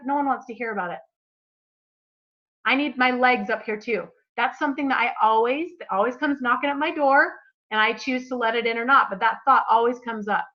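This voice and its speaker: A woman runs a live group coaching session in an upbeat, chatty way. Her voice sits a little high and rings bright and forceful. The sound is a bit dull and lo-fi, as on a video call.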